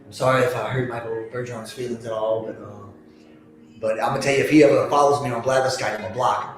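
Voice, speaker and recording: A hoarse man calling plays as an excited fan on a livestream, often yelling hype and rambling between plays, at home indoors. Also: mid-range voice, fast, soft background music. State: hoarse, losing his voice. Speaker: livestream host. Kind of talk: excited fan play-by-play commentary. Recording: very echoey room.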